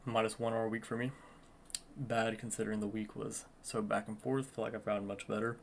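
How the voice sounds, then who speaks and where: A man's voice: lowish voice, level tone, fairly quick, gravelly, a little hiss or hum. A young man talking through his day trading in an earnest, reflective vlog, coaching himself and the viewer and repeating phrases for emphasis. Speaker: day trader vlogger.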